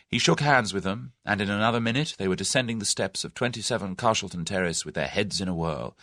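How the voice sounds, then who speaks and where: A man narrating a mystery novel as a measured audiobook reader. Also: deep voice, animated, pushed and bright, no echo, studio quality.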